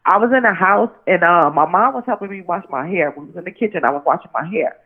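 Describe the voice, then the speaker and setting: Over a tinny phone line, a woman guest with a low voice and a breathy edge speaks fast in a casual interview. She rambles through her story with frequent restarts and lots of "you know what I'm saying."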